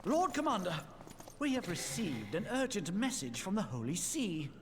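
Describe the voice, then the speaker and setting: A stern imperious court official. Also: male voice, high voice, wildly swooping pitch, normal speed, a little hiss or hum. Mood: formal. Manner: formal, imperious. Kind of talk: video game voice acting.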